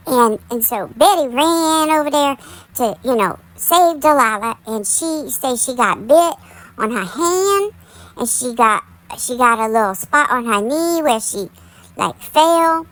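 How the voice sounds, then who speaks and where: A woman tells gossip in a loose, rambling way, full of "like" and "y'all." Her voice sits a little high and sounds bright and forward. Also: poor audio. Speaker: commentary channel host. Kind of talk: casual gossip commentary.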